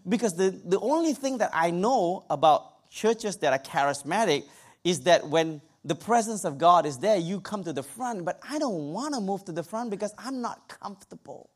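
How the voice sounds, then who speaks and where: A man's voice: high-pitched, normal speed. A man preaching a sermon, telling a personal story with humor and asides to his congregation. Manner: humorous, animated testimony with asides to the audience.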